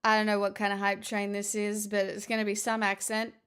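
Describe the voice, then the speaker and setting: A woman streamer chats casually with her viewers in a medium-pitched, clean and slightly bright voice, brisk and completely flat in delivery. Flustered and giggly, she thanks them gratefully in stop-start bursts.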